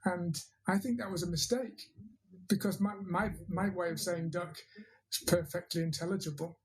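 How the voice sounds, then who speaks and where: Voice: mid-range voice, steady tone, moderate pace, darkish tone, rough recording. A teacher, giving a thoughtful interview answer with frequent hesitations and restarts. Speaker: interviewed English teacher and trainer.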